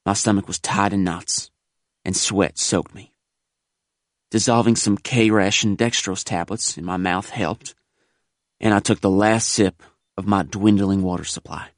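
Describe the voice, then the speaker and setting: A man reading a first-person war memoir aloud in a measured, grave audiobook narration. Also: lowish voice, no room sound, clean studio sound.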